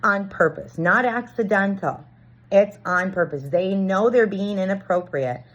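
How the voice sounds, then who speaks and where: A woman's voice: mid-range voice, a little slow. A woman in a reflective personal monologue, earnestly working through a confusing experience and acting out bits of dialogue. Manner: earnest, searching, reenacts dialogue. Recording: dull lo-fi recording.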